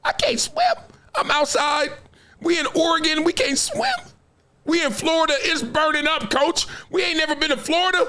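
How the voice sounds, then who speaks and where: A bewildered teen boy athlete, overheated and squealing his complaints in a sharply raised, swooping voice, as a man puts him on. The whining jumps high and keeps sliding around. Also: lively intonation, normal speed, noisy background. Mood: whiny.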